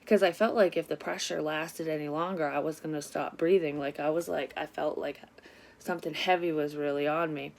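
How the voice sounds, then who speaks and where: A woman, a psychic reader telling a story in a casual tarot vlog, candid and quick to swear. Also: deep voice, steady tone, vocal fry.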